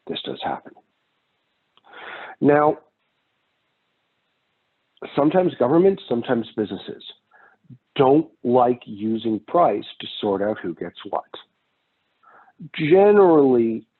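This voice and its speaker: Casual man lecturing on economics, husky tinny sound. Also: mid-range voice. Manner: casual, digressive, with personal anecdotes. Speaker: economics instructor. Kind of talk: recorded lecture.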